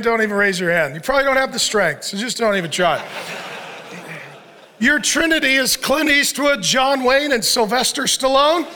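A male pastor with a strikingly high voice and a bright, forceful edge delivers a sermon. He talks in punchy, joking bursts, tossing rhetorical questions at his listeners and answering them himself.

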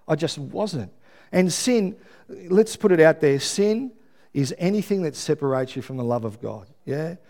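Middle-aged Australian preacher, lively testimony-style sermon, acts out quotes, fairly high voice. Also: male voice. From Melbourne, Australia. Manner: lively storytelling with acted-out quotes and asides.

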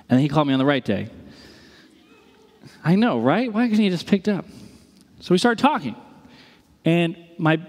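A man in his thirties, a pastor preaching a sermon, telling stories in an animated way and acting out the people in them. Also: a little high. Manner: animated storytelling with quoted voices. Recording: reverberant hall.

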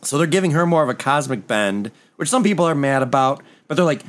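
A man's voice: fairly high pitch, expressive, fast. A man co-hosting a podcast in casual chat, explaining comic lore at length in a knowledgeable way. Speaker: podcast co-host.

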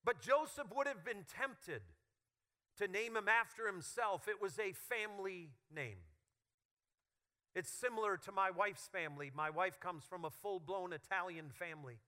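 A male pastor preaching a sermon with humorous, animated storytelling. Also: high-pitched, normal speed.

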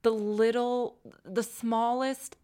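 A woman's voice: fairly high pitch, little pitch movement, takes it slowly, warm tone, smooth. A young woman, an ICU nurse co-hosting a podcast, telling a heartfelt story in casual chat and dropping to a whisper for quoted words.

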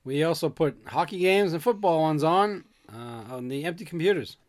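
A woman co-hosting a casual chat, low-key and wry, dropping quick jokes. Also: animated, a little mellow. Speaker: podcast co-host.

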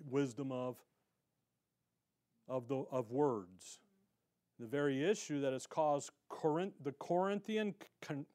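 A man preaching an animated sermon as pastor, swinging between loud emphasis and quiet asides, self-described as getting excited. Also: medium pitch. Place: church sanctuary.

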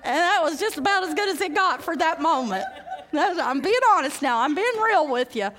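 High-voiced woman preaching animatedly. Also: fairly quick. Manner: animated storytelling, acting out dialogue, laughing often. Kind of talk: sermon with personal story.

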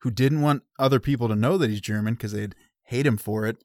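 A man's voice: medium pitch, a little fast, a little mellow, no echo, studio quality. A man co-hosting a podcast, casually filling in movie plot details and asides. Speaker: podcast co-host. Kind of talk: casual movie recap chat.

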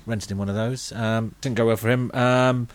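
A middle-aged British man on a comedy podcast, telling deadpan, rambling anecdotes full of fillers. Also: mid-range voice, moderate pace, no room sound. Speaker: podcast co-host telling comic stories.

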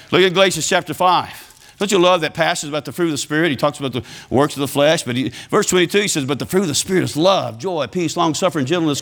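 High-voiced preacher, folksy. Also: male voice. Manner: folksy storytelling, swings from low calm to high excited shouting. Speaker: pastor. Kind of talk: sermon.

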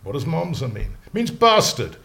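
A man who is a slang lexicographer, talking in a casual podcast discussion, animated and digressive, with frequent restarts. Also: on the high side, moderate pace, vocal fry.

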